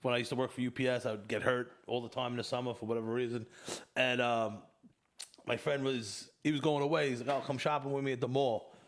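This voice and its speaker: A man in his thirties hosts a loose podcast chat. He tells crude, rambling stories, swears freely and laughs along as he goes. His voice sits at a middling pitch. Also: fast. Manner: profane, animated storytelling with laughs. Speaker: podcast host. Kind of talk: casual chat.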